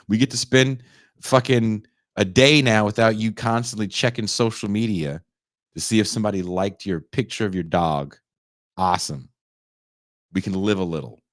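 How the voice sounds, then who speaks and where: A sarcastic young man hosts a podcast, recounting a film's plot with plenty of swearing and quick put-on voices for the characters. His voice sits fairly low but leaps up sharply whenever he mocks a scene. The recording is close and dry, with no room sound. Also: no echo. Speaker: podcast host reviewing a film. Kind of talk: casual comedic retelling.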